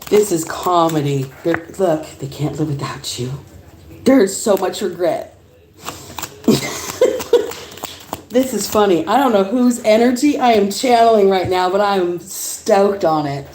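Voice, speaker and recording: A woman giving a casual livestream tarot reading, chatty and animated, laughing often and swearing casually. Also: medium pitch, a little slow, pauses often, background noise. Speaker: tarot reader. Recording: roomy echo.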